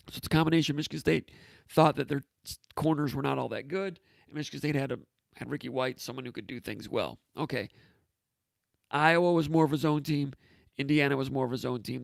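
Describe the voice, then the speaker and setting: A man hosting a live sports talk show, chatting casually and offhand while answering viewer comments, his voice going hoarse. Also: medium pitch, no room sound. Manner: rambling, offhand, with frequent fillers and asides.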